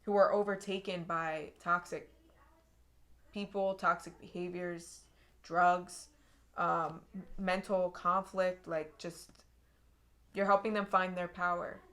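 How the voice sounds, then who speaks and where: A young woman with a somewhat low voice gives a tarot reading straight to her viewers. She speaks earnestly and with feeling, circling back to repeat herself and restarting her sentences as she goes. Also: little pitch movement, takes it slowly, fairly bright tone. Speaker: tarot reader.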